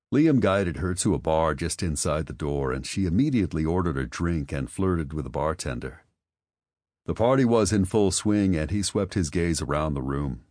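Very deep-voiced male audiobook narrator. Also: dry recording, studio quality. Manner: expressive storytelling. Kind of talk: scripted narration.

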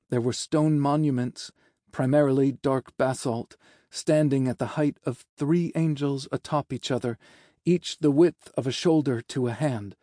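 Mellow male audiobook narrator. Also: medium pitch, no echo, clean studio sound. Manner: measured, descriptive storytelling.

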